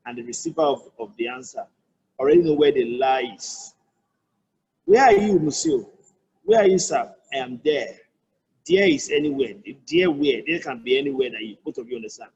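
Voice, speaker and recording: A Nigerian-accented man with a slightly high, husky voice gives an online French lesson, heard through a muffled recording. Working as a language tutor, he patiently explains, repeating and breaking down each phrase with slow, careful French examples.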